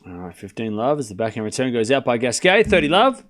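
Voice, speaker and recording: A man's voice: mid-range voice, big pitch swings, fast. A man streaming a live tennis watchalong, mixing casual play-by-play with teasing replies to his chat. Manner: chatty, teasing, talks straight to his chat.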